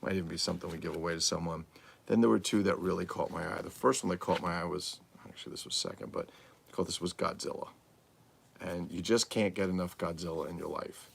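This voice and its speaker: A man's voice: low-pitched, steady tone, quick pace, creaky, a little hiss or hum. A man hosting a live collectibles show, chatting in a rambling, enthusiastic show-and-tell way.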